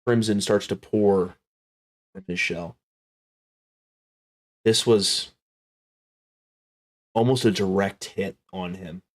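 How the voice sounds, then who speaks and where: A man narrating a tabletop game as game master, slow and dramatic, dropping to hushed tones. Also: deep voice, fairly even intonation.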